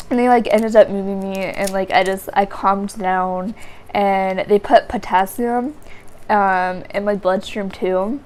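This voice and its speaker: A woman's voice: medium pitch, fairly even intonation, moderate pace, darkish tone. A young woman vlogging, telling a story casually to her viewers in a rambling way full of "like" fillers. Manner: rambling, heavy use of "like" fillers.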